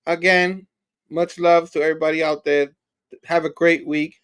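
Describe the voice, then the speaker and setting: A man co-hosting a casual podcast chat, laid-back and jokey, his voice going hoarse. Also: on the high side, little pitch movement, moderate pace, fairly bright tone. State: losing his voice. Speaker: co-host.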